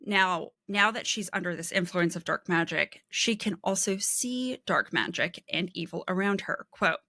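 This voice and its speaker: A woman's voice: fairly low pitch, normal speed, sharp tone, dry recording. A woman co-hosting a book podcast over a video call, laying out careful analysis and reading quotes aloud. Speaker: podcast co-host. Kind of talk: casual book discussion.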